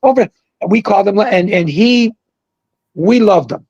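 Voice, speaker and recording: An older man spins rambling, animated stories as a guest on a video call, raising his voice whenever he quotes someone. His voice is gravelly and husky, a little high for a man, and sounds dry and close. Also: moderate pace, no echo, lo-fi sound. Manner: rambling, animated storyteller who shouts out quoted lines. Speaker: guest, former pro bowler. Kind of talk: casual storytelling on a livestream. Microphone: video call mic.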